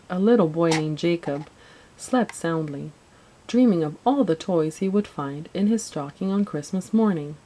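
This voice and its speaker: Low-voiced woman reading a storybook. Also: dark tone, slight background noise, poor audio. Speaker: narrator.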